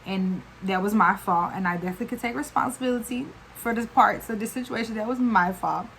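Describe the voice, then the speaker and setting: A woman tells a story to her camera at home. Her voice sits at a middle pitch, and her talk is chatty and slangy, full of fillers and run-on asides. A faint steady noise sits under the voice. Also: brisk, vocal fry, rough recording. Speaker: vlogger. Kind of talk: casual storytime.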